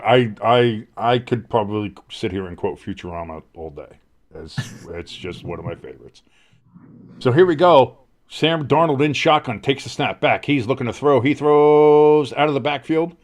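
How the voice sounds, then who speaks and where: Man, sports stream host, play-by-play, rambling, excitable, swears. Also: medium pitch. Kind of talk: live play-by-play commentary.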